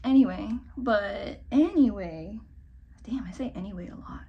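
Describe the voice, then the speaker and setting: A young woman chatting casually while doing her makeup in a get-ready-with-me vlog, rambling and self-mocking, swinging between bright remarks and muttered asides. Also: medium pitch, expressive, unhurried, highs cut off, a little hiss or hum. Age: young adult. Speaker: vlogger.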